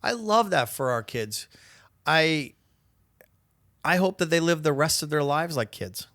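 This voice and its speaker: A man's voice: a little high, animated, unhurried, fairly bright tone, dry recording, studio quality. A man in his thirties co-hosting a casual podcast, telling reflective stories about his kids. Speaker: podcast co-host. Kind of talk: casual chat.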